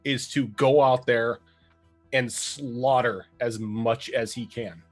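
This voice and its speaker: Guy gm-ing a tabletop game, kinda halting, soft music under. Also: medium pitch, fairly even intonation. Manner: loose, halting narration with fillers. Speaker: game master.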